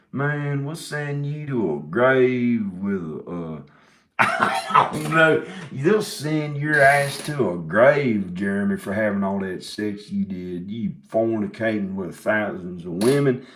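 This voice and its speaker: A man's voice: medium pitch, a bit bright. A man talking to his camera in a loose, rambling monologue, drifting between thoughts and often breaking into giggles. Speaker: video maker. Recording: echoey room.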